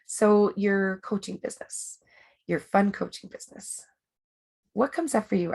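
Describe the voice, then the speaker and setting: A woman's voice: medium pitch, animated, unhurried, creaky, a little mellow, slightly rough. A woman life coach hosting a webinar, talking in a chatty, rambling way with many fillers and restarts. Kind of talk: casual coaching talk.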